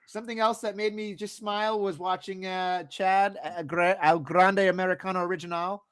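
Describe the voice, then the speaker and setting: A man's voice: high voice, level tone, normal speed, over a noisy crowd. A man co-hosting a wrestling podcast, chatting casually in a rambling, profane way with frequent restarts. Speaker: podcast co-host. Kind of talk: casual chat.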